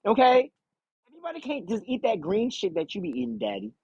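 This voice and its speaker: A whiny, spoiled young rich woman begs her father for more money, as a man mocks her in a high, singsong voice. The voice swoops up and down as she drags out her pleas. The audio is dull and dry. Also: huge pitch swings, a little mellow, breathy edge, dry recording, heavily acted. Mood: whiny pleading. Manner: whiny, drawn-out pleading with repeated "daddy".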